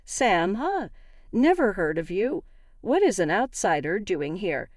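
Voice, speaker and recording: A woman voicing a rude, arrogant male company director who shouts and sneers with disdain. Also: mid-range voice, very animated, a little slow, no echo, studio quality. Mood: sneering.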